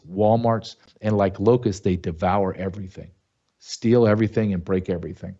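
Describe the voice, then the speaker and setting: A middle-aged man delivers opinion commentary as a show host, blunt and emphatic, stacking rhetorical questions. His voice sits low with a mellow, dark tone. The recording sounds dull and lo-fi.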